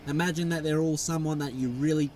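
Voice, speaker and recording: A man's voice: a little high, steady tone, quick pace, darkish tone, far from the mic, a little hiss or hum. A young man bantering in a heated, worked-up way and swearing freely while gaming, on a headset. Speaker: gamer. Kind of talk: profane in-game banter.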